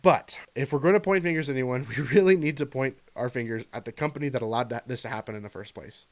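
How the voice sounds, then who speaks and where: A man's voice: medium pitch, quick pace. A man, a gaming commentator ranting to camera in a frustrated, earnest and pleading way. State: choked up near the end. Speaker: gaming YouTuber.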